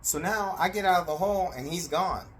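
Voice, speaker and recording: A man telling a story in a casual, animated way, acting out voices and sound effects and swearing freely. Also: high voice, brisk, a little hiss or hum.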